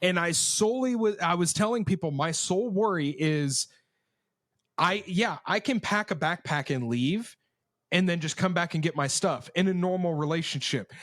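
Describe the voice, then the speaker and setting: High-voiced, profane young man telling stories. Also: normal speed, no room sound, clean studio sound. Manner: profane, animated, acts out quotes. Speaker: podcast co-host. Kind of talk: casual storytelling chat.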